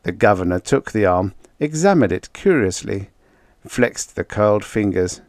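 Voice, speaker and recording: A man narrating a vintage science fiction story in a measured storytelling manner. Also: on the low side, animated, darkish tone, dry recording, clean studio sound. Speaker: audiobook narrator. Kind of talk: scripted narration.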